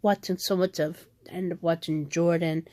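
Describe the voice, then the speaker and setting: A woman's voice: lowish voice, steady tone, normal speed, dark tone, no room sound. A woman vlogger ranting at home in a rambling, frustrated way, often restarting her sentences. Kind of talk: venting rant vlog.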